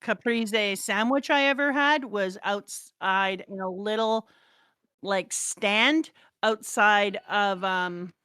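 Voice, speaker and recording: A woman who teaches theater, co-hosting a casual chat and telling anecdotes in an animated way, acting out the people she quotes. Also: medium pitch, slow, clear, resonant tone, no room sound, studio quality. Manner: animated, acts out quoted voices.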